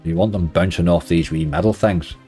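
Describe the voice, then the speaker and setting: A low-pitched Northern Irish man with a mellow, relaxed tone gives casual running commentary as a slots streamer. He chats to his viewers and grumbles whenever the game lets him down. Soft music plays faintly behind him. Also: brisk.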